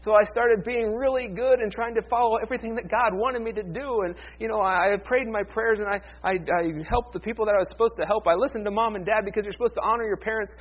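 Guy pastor with a high voice giving a chatty animated sermon, kinda muffled lo-fi sound. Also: quick pace, few pauses. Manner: conversational, animated, with playful paraphrases.

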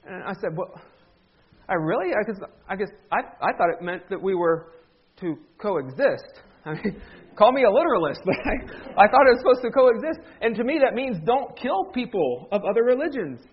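A man's voice: high-pitched, sing-song, fairly quick, slightly rough, dull audio. A middle-aged man preaching a humorous sermon in a church, telling stories with a joking, self-deprecating manner. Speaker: pastor. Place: church sanctuary.

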